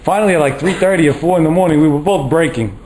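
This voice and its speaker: Mellow-voiced male Torah lecturer. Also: on the high side, fast, a little hiss or hum, low-quality recording. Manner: animated, acts out quoted voices. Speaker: rabbi lecturer.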